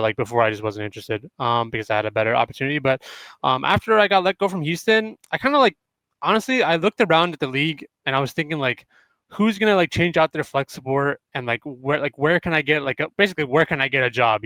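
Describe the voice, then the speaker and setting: Rambling man with a smooth, bright voice. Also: medium pitch, no room sound, poor audio. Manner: rambling, full of "like" and "um". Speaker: former pro player. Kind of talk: casual chat.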